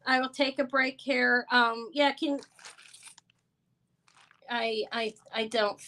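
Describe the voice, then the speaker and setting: A woman's voice: a little high, steady tone, slow, pushed and bright, slight background noise, low-quality recording. A tired, stressed woman hosting a live jewelry sale, talking in a flustered, apologetic way with many stumbling restarts. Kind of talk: live-stream sales chat.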